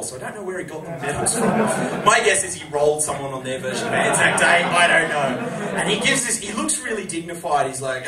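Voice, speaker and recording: A man hosting a live chat show, telling stories to an audience and breaking into loud shouted impressions. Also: a little high. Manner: animated storytelling with shouted impressions. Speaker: host. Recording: echoey room from far off, crowd.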